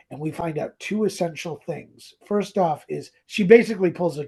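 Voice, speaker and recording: Gravelly high-voiced man retelling a story. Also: moderate pace, hardly any pauses. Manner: animated retelling, acting out quoted lines. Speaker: podcast co-host. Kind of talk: casual chat.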